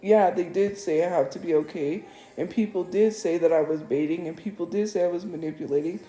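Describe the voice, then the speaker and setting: Talking fairly quickly in a lowish, warm voice, a woman on a live stream sounds upset and defensive, going over the same points repeatedly in an emotional monologue. Faint music plays in the echoey room.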